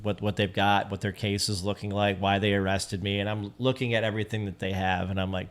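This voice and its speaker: A man's voice: on the low side, level tone, fairly quick, hardly any pauses. A man with a Michigan accent, a podcast guest telling a personal story in casual conversation, earnest and prone to repeating his words.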